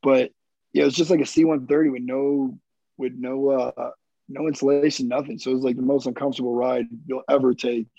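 A man's voice: medium pitch, flat delivery, fairly quick, vocal fry, dark tone, no echo, highs cut off. A young man, a wounded Marine veteran, telling his story in a candid, rambling, profane way as an interview guest.

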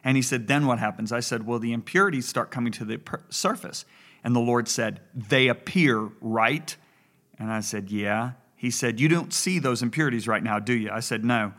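A pastor in his sixties co-hosts a faith talk show, preaching through stories and animatedly acting out dialogue. He speaks in a mid-range voice at normal speed.

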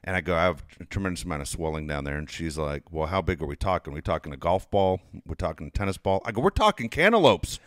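A man's voice: a bass voice, quick pace, few pauses, no echo, studio quality. Profane man telling a wild story. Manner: profane, animated storyteller, laughs often. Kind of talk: casual storytelling chat.

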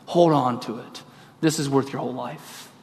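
A man's voice: mid-range voice, fairly even intonation, normal speed, a little mellow. Man preaching in a reverberant church. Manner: storytelling, acts out quoted voices. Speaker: pastor. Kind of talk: sermon.

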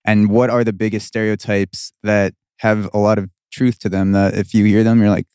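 A podcast host from Long Island in New York asking measured, curious questions of his guests. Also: lowish voice, flat delivery, mellow, smooth, no echo, clean studio sound. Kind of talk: interview questions.

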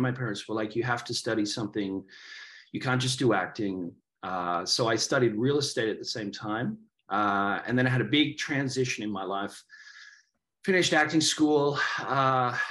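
A man's voice: fairly low pitch, a bit bright. A man in his thirties from Australia, with a faded Australian accent, chatting as a podcast guest in a rambling way, full of fillers and restarts. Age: 30s. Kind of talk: casual interview chat.

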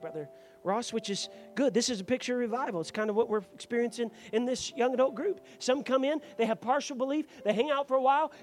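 A man preaching a sermon to a congregation in church, moving from quiet explanation to loud, fervent preaching and calling out members by name. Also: very high voice.

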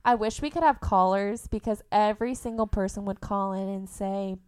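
A young woman from Indiana, a podcast guest in casual conversation, telling lively stories about her family and laughing often. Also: mid-range voice, moderate pace, clear, resonant tone. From Indiana, USA. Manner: animated storyteller, laughs often. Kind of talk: casual interview chat.

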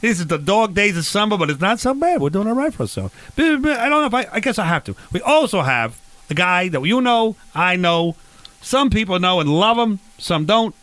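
Male comedy host, quick, high voice, rambling, pushy, dry close sound. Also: sing-song, fairly bright tone, no echo. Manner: rambling, pushy, repeats himself. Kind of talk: improvised comedy banter.

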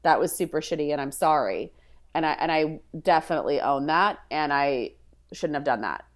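A woman's voice: deep voice, expressive, moderate pace. A woman guest in a casual interview, a frank verbal processor who thinks aloud with many restarts. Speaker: podcast guest.

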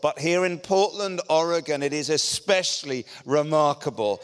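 A man's voice: on the high side, moderate pace, hardly any pauses, clean tone, soft background music. A middle-aged man with an English accent, preaching as a guest speaker in a self-deprecating, joking manner. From England. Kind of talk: sermon. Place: large church auditorium. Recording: long church hall reverb.

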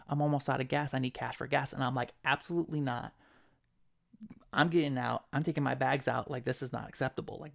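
Gravelly man telling a travel story. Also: mid-range voice. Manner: animated retelling with quoted voices. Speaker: podcast host. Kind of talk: casual storytelling.

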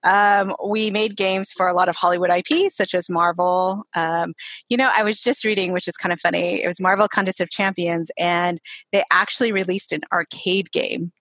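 Chatty low-voiced woman. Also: fairly even intonation, normal speed, fairly bright tone, no echo. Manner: chatty, filler-heavy. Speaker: interview guest. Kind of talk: casual chat.

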